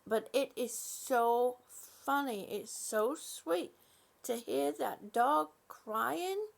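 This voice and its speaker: An older woman chats slowly with her viewers on a live stream and answers their comments one by one. Her voice sits fairly high and has a gravelly rasp. She often stops to restart her sentences. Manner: chatty, warm-hearted, with frequent "um" and restarts. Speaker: channel host.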